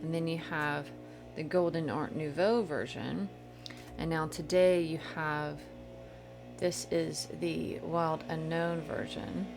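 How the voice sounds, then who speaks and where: A woman's voice: low-pitched, slow pace, creaky, music in the background. A woman teaching about tarot cards in a casual, meandering way, often restarting her sentences and reading passages aloud from a book. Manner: chatty and meandering, with many fillers and restarts.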